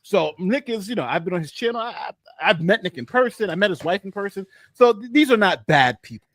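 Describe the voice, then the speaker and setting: Boastful man with a lively high voice. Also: a little fast, dry recording. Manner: boastful, rambling, repeats himself. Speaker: co-host. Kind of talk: casual live-stream commentary.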